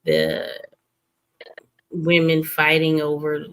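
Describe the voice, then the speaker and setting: Bright-voiced woman chatting animatedly. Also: lowish voice, a little slow. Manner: animated, emphatic storytelling. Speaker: streamer host. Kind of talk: casual chat. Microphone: streaming setup.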